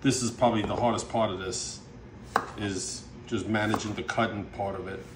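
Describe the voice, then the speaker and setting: A man giving a relaxed, chatty cooking demonstration, talking viewers through each step with lots of fillers and asides. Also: on the low side, normal speed. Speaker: home cook showing a recipe. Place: kitchen, then an outdoor backyard grill. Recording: outdoor background noise.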